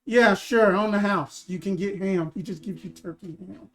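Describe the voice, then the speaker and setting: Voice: medium pitch, moderate pace, fairly bright tone. A game master narrating a tabletop game in a loose, rambling way, with lots of fillers and restarts and easy jokes with the players. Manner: easygoing, joking with players.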